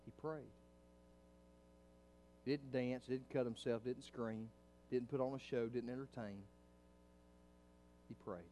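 A middle-aged male pastor preaching a sermon in a church, swinging from hushed, low passages up to loud, fervent climaxes. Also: steady tone, slow pace, long pauses, a little hiss or hum.

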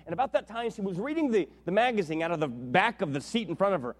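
A man preaching a sermon as a pastor, telling a story with lively acted-out dialogue. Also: high-pitched, fast talker. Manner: animated storytelling, acts out dialogue with big swings in loudness. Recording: long reverb of a large hall.

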